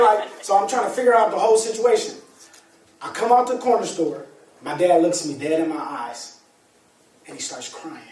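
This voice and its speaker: A man speaking as a motivational speaker, telling a personal story to an audience in an animated, colloquial way with laughter. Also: high voice, a little hiss or hum. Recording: echoey room, distant mic, faint ambience.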